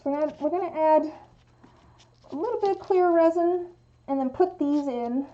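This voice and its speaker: High, mellow-voiced young woman streamer. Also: normal speed, dull audio. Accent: western American. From western United States. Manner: rambling, thinks aloud with many restarts and fillers; drops the g in -ing endings. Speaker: streamer making resin dice. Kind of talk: casual livestream chat while crafting.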